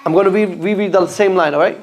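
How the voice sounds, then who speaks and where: A man's voice: high voice, steady tone, fast, background noise. A man teaching a class how to pronounce letters for Qur'an reading, patiently repeating each sound and quizzing his students. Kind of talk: classroom lesson on letter pronunciation. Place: mosque classroom.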